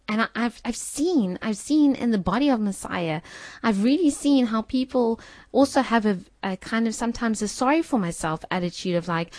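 A woman's voice: fairly high pitch, lively intonation, normal speed, a little mellow, dry recording. A woman giving an earnest, casual spoken faith teaching, repeating phrases and acting out inner voices. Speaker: co-host of an online prayer meeting.

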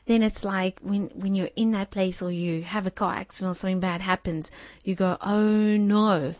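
A woman's voice: medium pitch, a little mellow, no echo. A woman giving an earnest, casual spoken faith teaching, repeating phrases and acting out inner voices. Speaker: co-host of an online prayer meeting.

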